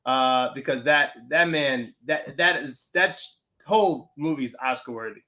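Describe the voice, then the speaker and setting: A man's voice: mid-range voice, unhurried, pushed and bright. A man co-hosting a film podcast, chatting casually in a laid-back, rambling way and laughing often. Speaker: podcast co-host. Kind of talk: casual chat.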